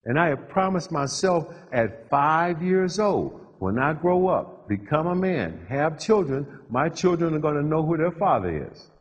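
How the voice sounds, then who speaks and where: A middle-aged man giving a motivational keynote, telling his own story in short punchy phrases with dramatic pauses. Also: on the high side, sing-song, slightly rough. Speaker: motivational speaker. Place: large hall with a live audience. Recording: dull lo-fi live hall recording.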